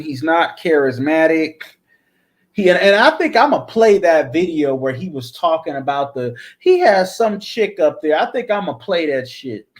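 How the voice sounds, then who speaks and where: Guy on his channel going off, cussing a lot, kinda high voice, keeps repeating himself. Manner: blunt, profane, repetitive. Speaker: channel host. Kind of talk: casual ranting commentary.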